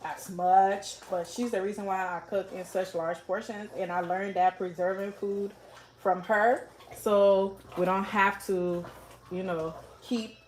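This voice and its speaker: A woman's voice: medium pitch, darkish tone. Woman cooking live in her kitchen, chatty, talks right to the viewers, bit of faint noise behind. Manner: chatty, talks straight to viewers, reads out comments. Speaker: cooking livestream host. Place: home kitchen.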